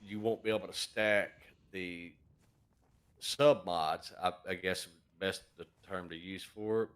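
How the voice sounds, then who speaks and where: Deep-voiced man explaining haltingly. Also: steady tone, a bit bright, clear, resonant tone. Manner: halting, lots of uh and um. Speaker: fellow gamer on voice chat. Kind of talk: casual explaining.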